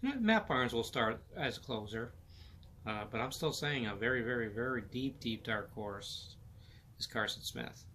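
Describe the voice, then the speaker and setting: Middle-aged male podcast host, bright, forward voice, loose rambling delivery, faint hiss behind. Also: medium pitch, animated, unhurried. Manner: rambling, filler-heavy, repeats words. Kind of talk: casual solo sports chat.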